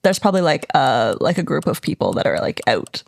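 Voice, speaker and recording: A woman taking part as a player on a tabletop podcast, playful and quick to giggle. Her voice has a gravelly texture. She is recorded dry and close to the mic. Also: low voice, very animated, dry recording. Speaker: player, co-host. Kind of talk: casual podcast chat, tabletop play.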